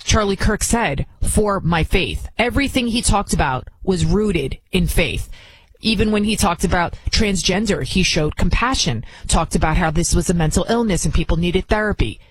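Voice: medium pitch, moderate pace, slightly rough, no echo, poor audio. A commentary show host talking in an indignant, rambling way with many restarts. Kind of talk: opinion commentary.

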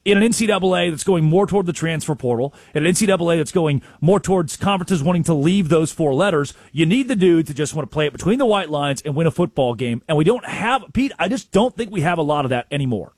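Excitable husky-voiced man telling sports stories. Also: on the high side, quick pace, few pauses, no echo. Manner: excitable storyteller, mimics coaches with sudden loud outbursts. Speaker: sports show co-host. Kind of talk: animated sports talk.

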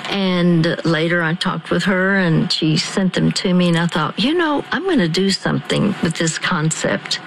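A woman counseling a caller on a call-in radio show, guiding him slowly through deep breaths and measured phrases. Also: lively intonation, gravelly, noisy background.

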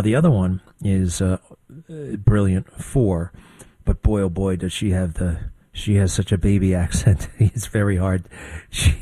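A man's voice: fairly low pitch, warm tone, dry recording, low-quality recording. An older man hosting a talk show, rambling through opinions with folksy, conversational asides. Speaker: radio host. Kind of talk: opinionated talk radio monologue.

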